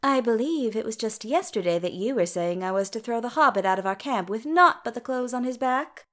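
A woman voicing a wry dwarf queen regent who speaks in a sweetly teasing, lively way. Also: on the high side, fairly quick, natural voice.

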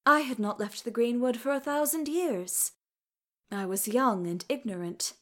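A woman reading the part of a young male elf who speaks softly and formally, with halting pauses. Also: medium pitch, lightly acted. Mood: hesitant. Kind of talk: audiobook character reading.

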